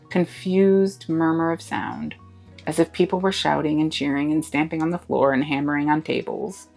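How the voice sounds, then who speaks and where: A woman reading a classic novel aloud with expressive narration. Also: deep voice, vocal fry, poor audio. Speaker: storybook reader.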